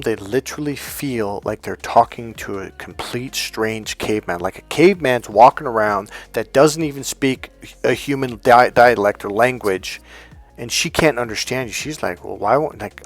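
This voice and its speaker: Emphatic man coaching with faint music. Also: medium pitch. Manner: emphatic, swearing, acts out quoted voices. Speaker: dating coach. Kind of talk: coaching talk to camera.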